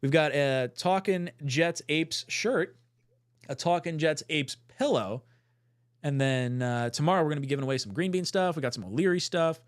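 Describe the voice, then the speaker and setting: A man with a slightly raised voice runs a live draft-night stream. He chats easily with his co-hosts and reads viewer comments aloud in a relaxed, conversational way. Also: fairly high pitch, moderate pace. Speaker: podcast host. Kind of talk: casual live-stream chat.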